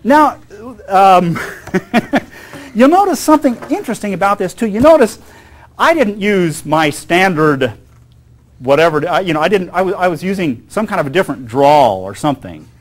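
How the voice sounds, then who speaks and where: A man's voice: sits high, animated, moderate pace. A man giving a music lecture to an audience, rambling and often checking in with the listeners. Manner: rambling, keeps checking in with "okay?" and "you know".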